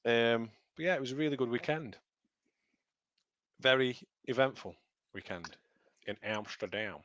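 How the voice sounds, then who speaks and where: A man's voice: mid-range voice, expressive, a little slow, fairly bright tone. A man co-hosting a live podcast, rambling and laughing easily in casual chat. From Stoke-on-Trent, England. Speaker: podcast co-host. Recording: dull lo-fi dry sound.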